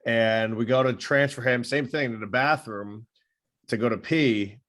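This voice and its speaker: A man, a physical therapist co-hosting a podcast, telling a story in a relaxed, chatty way. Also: mid-range voice, unhurried. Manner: relaxed, chatty, checks in with "right?". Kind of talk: casual podcast chat.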